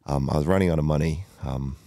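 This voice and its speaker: A man's voice: rumbling low, fast, vocal fry, warm tone, dry recording, clean studio sound. A man, a guest telling a candid personal story, emotional, swearing often and using many fillers. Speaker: guest entrepreneur.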